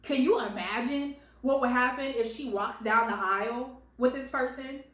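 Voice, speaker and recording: A woman with a fairly high voice gives sassy, animated commentary on stories she reads aloud. She talks straight to the poster, calling her baby and girl. Her voice rings in an echoey room at home. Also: normal speed. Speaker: host reading online stories.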